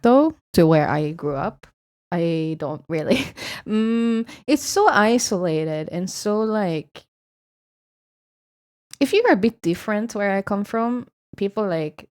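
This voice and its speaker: A woman's voice: mid-range voice, lively intonation, takes it slowly, a little mellow. A woman from Sweden with a Swedish accent, streaming and chatting casually with viewers in a rambling, swearing style.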